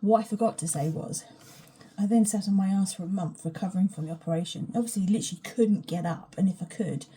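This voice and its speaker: Chatty woman with a mellow voice. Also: medium pitch, fast, slightly rough. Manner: frank and chatty, swears, often drops to a whisper. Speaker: vlogger. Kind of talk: rambling casual vlog chat. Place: home kitchen, standing.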